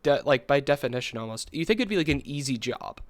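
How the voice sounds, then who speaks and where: A young man co-hosting a podcast, telling a story in a rambling, animated way, full of fillers and quick laughs. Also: mid-range voice, no echo. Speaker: podcast co-host. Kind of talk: casual storytelling chat.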